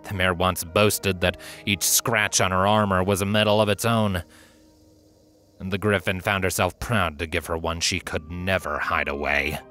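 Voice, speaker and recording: A man reading a fanfiction story aloud with steady, dramatic narration. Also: low-pitched, moderate pace, faint music behind. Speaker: narrator and reader.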